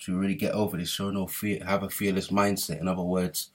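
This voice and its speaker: Young man, husky and low, preaching motivation to camera with insistent repetition. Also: level tone, fairly quick. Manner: emphatic, repetitive, asks "yeah?". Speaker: motivational speaker.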